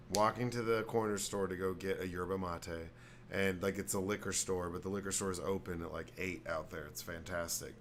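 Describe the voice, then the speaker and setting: A man hosting a podcast, trading loose, profane banter and laughing easily. His voice is on the low side, with a faint hiss under the recording. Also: a bit bright. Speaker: podcast host. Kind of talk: casual chat.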